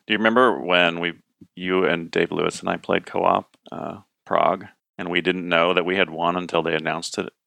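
A man's voice: low-pitched, steady tone, normal speed, vocal fry, sharp tone, no echo. A man co-hosting a casual chat, easygoing and reminiscing.

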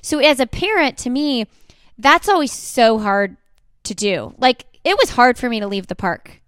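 A woman's voice: fairly high pitch, lively intonation, moderate pace, fairly bright tone, clean tone, no echo, studio quality. A woman hosting a podcast, a parent reflecting conversationally on her own experience. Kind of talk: casual podcast chat.

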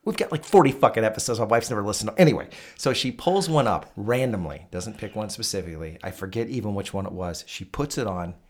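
Excitable, lively-voiced man ranting on a podcast. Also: lowish voice, fast, hardly any pauses. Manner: excitable, profane, builds into rants. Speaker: podcast co-host. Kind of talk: casual chat.

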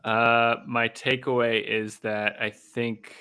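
A man co-hosting a sports podcast in a bright, forceful voice at a middle pitch. He talks in an animated, joking way, tripping over his own restarts as he goes. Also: takes it slowly, smooth. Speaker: podcast co-host. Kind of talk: casual sports podcast chat.

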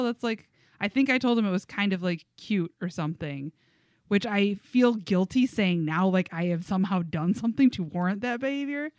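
A woman's voice: on the low side, no room sound, clean studio sound. A woman co-hosting a podcast, telling stories in a casual chat, full of fillers and laughs. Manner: animated storytelling with many fillers and laughs. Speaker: podcast co-host.

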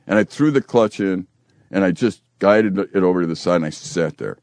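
An older man hosting a casual chat, telling animated stories and acting out the quotes. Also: deep voice, normal speed, no echo. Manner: animated storyteller who acts out quotes.

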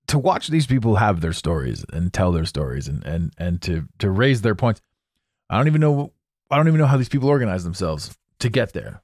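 A man's voice: on the low side, creaky, darkish tone, no echo, clean studio sound. A man hosting a solo podcast monologue, opinionated and sarcastic, talking conversationally and tossing in rhetorical questions. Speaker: podcast host.

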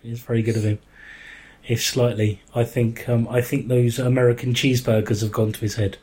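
A man in casual podcast banter, dry and teasing. He drops deadpan one-liners and mock-serious asides. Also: mid-range voice, fairly quick, husky. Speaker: podcast co-host. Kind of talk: casual chat.

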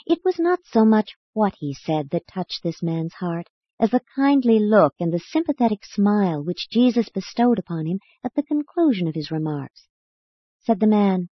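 A woman narrating an audiobook in a steady, unhurried way. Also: mid-range voice, no echo, lo-fi sound.

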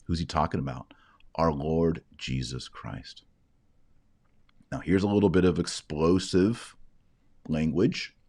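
A man hosting an online show, reading an article aloud and commenting on it to viewers, emphatic, with quiet asides. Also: a bass voice, slow, pauses often.

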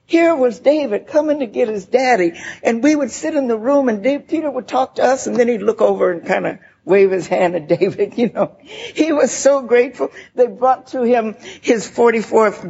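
Older woman, gravelly voice, recovery meeting share, warm laughing storytelling, muffled lo-fi recording. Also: on the high side, moderate pace, a little hiss or hum. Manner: laughing, heartfelt storytelling with many "you know" asides.

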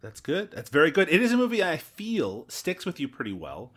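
Bright-sounding guy hosting a podcast, voice bounces all over, joking around. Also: fairly high pitch, wildly swooping pitch, fairly quick. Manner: playful, laughs often. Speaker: podcast host. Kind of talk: casual podcast chat.

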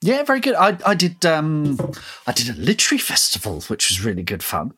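A man's voice: a little high, wildly swooping pitch, fairly quick, sharp tone, slightly rough. A man co-hosting a writing podcast, chatting in a rambling way with frequent laughs and restarts. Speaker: podcast co-host. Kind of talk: casual podcast chat.

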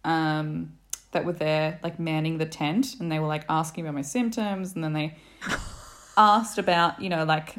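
Animated woman telling a story. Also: low-pitched, measured pace, noisy background. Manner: animated, laughing, many fillers like "like". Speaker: guest. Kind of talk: casual storytelling chat.

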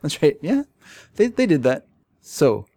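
A man's voice: on the high side, very animated, a little slow, warm tone, dry recording. A man co-hosting a podcast, recapping a comic story in casual chat with wry asides. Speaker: podcast co-host.

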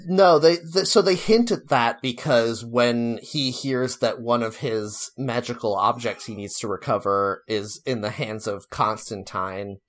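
A man's voice: mid-range voice, a little slow, few pauses. A man co-hosting a casual chat, rambling and opinionated, with lots of fillers. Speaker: podcast co-host.

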